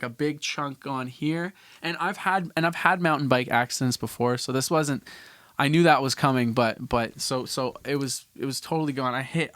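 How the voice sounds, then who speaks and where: A man's voice: on the high side, fairly bright tone, dry recording. A young man from Canada hosting a podcast, telling a story in a loose, rambling way with lots of restarts and casual swearing. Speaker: podcast host.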